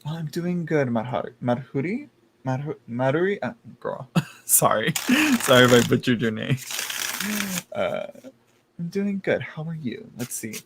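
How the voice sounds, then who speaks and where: A man's voice: medium pitch, big pitch swings, a little slow, vocal fry, background noise. A man doing a live tarot reading stream, chatty and campy, laughing often and calling viewers "girl". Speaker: tarot reader.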